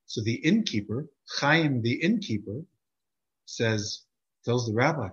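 A man teaching a class through lively, conversational storytelling, heard on a dull lo-fi recording. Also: mid-range voice, measured pace. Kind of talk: animated storytelling lesson.

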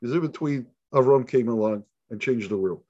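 A rabbi with a medium-pitched voice speaks at normal speed, no echo, on a dull lo-fi recording. He teaches Torah informally through animated stories, performing the dialogue and repeating himself often.

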